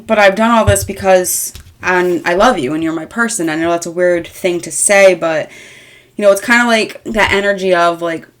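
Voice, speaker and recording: A tarot reader in her thirties talks through a reading in a casual, rambling way at a moderate pace. Her voice sits a little low, and she's frank, swears lightly and fills her sentences with fillers.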